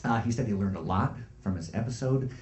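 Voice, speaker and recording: A man reading mock news items in a deadpan way, with filler before each item. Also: fairly low pitch, fairly quick, echoey room, slight background noise. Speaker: comedian.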